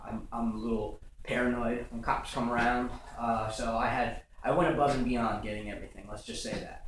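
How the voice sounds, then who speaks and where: A young stand-up comedian with a mid-range voice tells rambling stories packed with fillers and restarts. The recording from the comedy stage is rough, echoey and distant, with a little hiss or hum.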